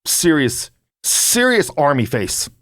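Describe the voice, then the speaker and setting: Animated storytelling male podcast host. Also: a little high, slow pace, no echo. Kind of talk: casual chat, storytelling.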